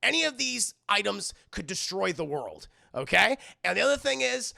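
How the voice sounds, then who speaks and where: Gravelly high-voiced man recapping a show. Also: sing-song, moderate pace, pushed and bright. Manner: retells scenes in loose put-on voices, swears freely. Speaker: streamer reviewing an anime episode. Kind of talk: casual recap to live chat.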